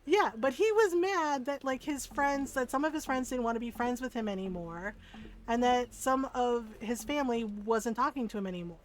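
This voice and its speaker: A woman's voice: a little high, moderate pace. A woman in her forties streaming a game, telling a personal story in a candid, casual way, swearing freely and laughing often. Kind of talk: casual storytelling while gaming.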